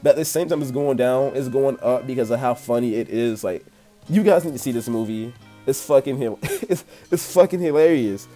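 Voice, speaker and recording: A man's voice: mid-range voice, a little fast, mellow, soft background music. A young man reviewing a movie in a casual, rambling rant, swearing and laughing as he goes.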